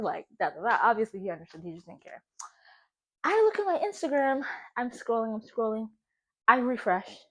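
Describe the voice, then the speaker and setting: A young woman in her twenties, a vlogger telling a dramatic story in casual chat from her home kitchen, animated and exclaiming. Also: a little high.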